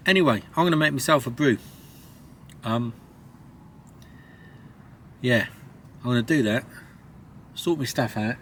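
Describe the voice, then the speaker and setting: A man's voice: mid-range voice, lively intonation, measured pace, long pauses, a bit bright, slight background noise. A man, a lorry driver, chatting casually to his camera from inside his truck cab, rambling along with a lot of swearing and self-mockery. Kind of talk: casual vlog chat to camera.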